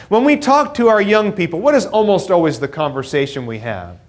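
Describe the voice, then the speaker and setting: Animated, high-voiced male preacher. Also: fairly quick, hardly any pauses. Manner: earnest, rising to emphatic, with self-deprecating asides. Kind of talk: sermon. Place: church.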